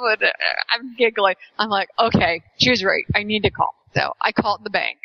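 A woman's voice: medium pitch, fairly quick, gravelly, dry recording. A woman chatting casually, telling a funny story with lots of giggles and acted-out voices. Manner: giggly, animated storyteller who acts out voices. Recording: dull lo-fi sound.

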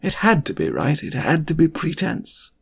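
A man's voice: a little high, huge pitch swings, normal speed, gravelly, slightly rough, pitched above the performer's own voice, exaggerated voice. A man voicing an earnest, desperate grown wizard in an audiobook reading, speaking with urgent, pleading questions. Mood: anguished.

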